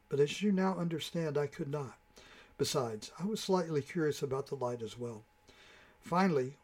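A man reads a storybook tale aloud. His voice is mid-pitched and even. He narrates in a measured, dramatic way.

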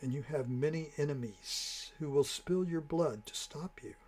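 A man reading a storybook and voicing a cunning male false angel who speaks softly and slowly in a coaxing tone. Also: on the high side, husky.

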